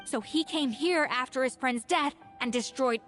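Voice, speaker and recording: A woman voicing a composed companion in a video game, speaking in a calm, earnest and cautioning way. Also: high-pitched, moderate pace, soft background music.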